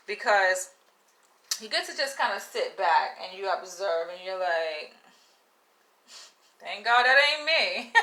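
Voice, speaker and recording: A young adult woman talks straight to her viewers in a loose monologue. She is blunt and animated and swears freely. Her voice is bright and sharp, with the middle pitch of a woman. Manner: blunt, profane and animated, with frequent laughs. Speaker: vlogger. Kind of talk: casual monologue to camera.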